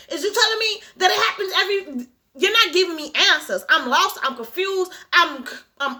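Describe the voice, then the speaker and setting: A woman reads a book aloud and breaks off into animated, profane reactions to it. Her voice is high and bright throughout. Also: moderate pace. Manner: animated, profane outbursts between passages. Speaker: reader and commentator. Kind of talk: casual read-aloud with reactions.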